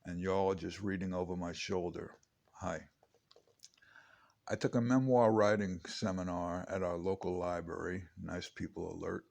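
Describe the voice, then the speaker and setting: Gravelly late-fifties man, rambling memoir. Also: deep voice, normal speed, darkish tone. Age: 50s. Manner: chatty, digressive, wry asides. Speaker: author reading his memoir. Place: home.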